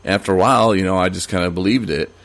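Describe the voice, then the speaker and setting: A man's voice: deep voice, fast talker, vocal fry, fairly bright tone. A man hosting a podcast, talking casually and rambling, with many fillers and restarts. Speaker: podcast host. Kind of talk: casual solo podcast monologue.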